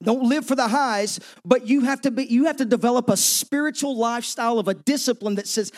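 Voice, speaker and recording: A man pastor preaching a sermon, emphatic, shifting between driving exhortation and hushed, intimate passages. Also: very high-pitched, fairly quick, few pauses.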